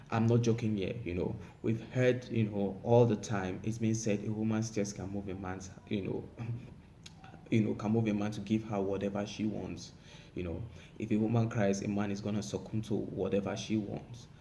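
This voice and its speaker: Man, lower voice, warm and dark, rambling advice talk full of fillers. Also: slight background noise. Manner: repetitive, frequent "you know" fillers. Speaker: relationship advice speaker. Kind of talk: casual advice monologue.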